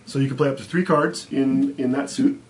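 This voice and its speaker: A man running a tabletop role-playing game as game master, explaining rules and slowing down to narrate scenes vividly. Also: medium pitch, steady tone, recorded from a distance. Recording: roomy, a little off-mic, faint background hum.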